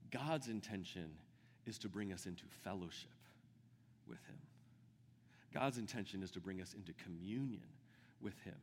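A man preaching a sermon with great enthusiasm, dropping to a hush and then building to shouts. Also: medium pitch, big-room sound, slight background noise. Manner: enthusiastic, swings from hushed to shouting. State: out of breath. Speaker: pastor.

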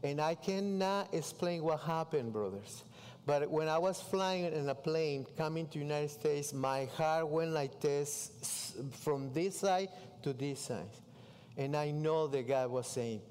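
A man's voice: a little high, measured pace, clear, resonant tone. Mexican-accented man preaching in an echoey hall. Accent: Mexican Spanish. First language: Spanish. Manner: animated storytelling, broken English, acts out his own dialogue. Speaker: pastor. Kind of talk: sermon testimony. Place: church.

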